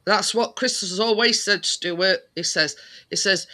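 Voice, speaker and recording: High, bright-voiced man. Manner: rambling, halting, many fillers. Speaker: participant in a group chat. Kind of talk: casual chat.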